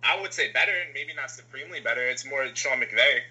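A man on a football podcast, blunt and needling, telling quick anecdotes. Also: medium pitch, bright, forceful tone, low-quality recording. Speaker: podcast co-host. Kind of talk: casual sports debate.

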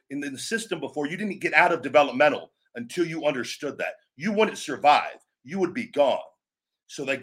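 A middle-aged man hosting his own show, talking bluntly and emphatically, now and then acting out catchphrases with sudden shouts and drawn-out words. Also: on the high side. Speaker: podcast host and former pro wrestler. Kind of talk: opinionated casual talk.

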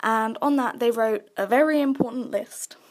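Young woman, solo podcast host, chatty, self-mocking, slightly high voice. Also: moderate pace.

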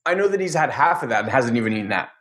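A man's voice: mid-range voice, sing-song, racing, fairly bright tone. A man in casual chat, telling a personal story candidly, rambling with many fillers.

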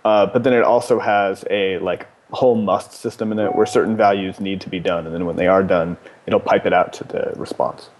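A man's voice: low voice, steady tone, fairly quick, hardly any pauses, background noise. Blunt joking man in casual chat. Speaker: podcast panelist.

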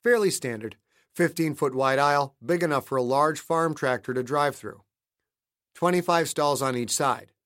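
A man narrating a thriller audiobook he wrote, in a steady, measured storytelling manner. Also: on the high side, no echo, studio quality. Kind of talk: scripted narration.

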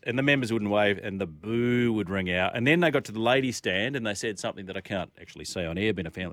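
A man's voice: on the low side, quick pace, few pauses, fairly bright tone, dry recording, clean studio sound. A man hosting talkback radio, reading out listener texts and chatting about sport in a loose, playful way. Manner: chatty, reads listener texts aloud, playful crowd chants. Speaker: radio host. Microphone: studio microphone.

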